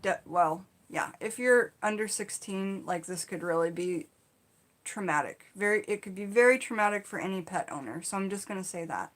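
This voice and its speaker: A woman casually telling personal stories in an animated, chatty way, full of "like" and "you know". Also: mid-range voice, normal speed. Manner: animated, chatty, acts out her own shouts in the retelling; frequent fillers like "like" and "you know". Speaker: storytelling channel host.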